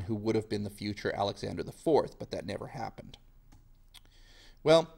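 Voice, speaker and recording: A man's voice: mid-range voice, a little mellow. Slangy, jokey male history teacher. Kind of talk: casual video lecture.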